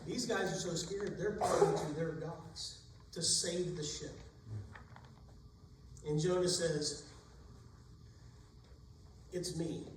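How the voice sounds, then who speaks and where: A man's voice: fairly high pitch, slow, pauses often, noisy background. A man preaching a sermon in a church, retelling Bible stories in plain everyday speech. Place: church sanctuary. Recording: echoey room, distant mic.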